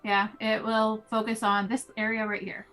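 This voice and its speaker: A woman's voice: a little high, monotone, normal speed, a bit bright, faint music behind. Woman carefully explaining her game moves. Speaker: player. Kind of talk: casual tabletop game talk.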